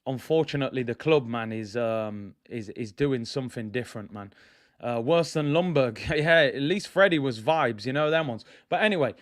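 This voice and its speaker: This is a fan reaction vlog where a male football channel host rants bluntly, hammering his points through repetition and speaking straight to his viewers as "people." His medium-pitched voice is expressive and moves at a normal pace.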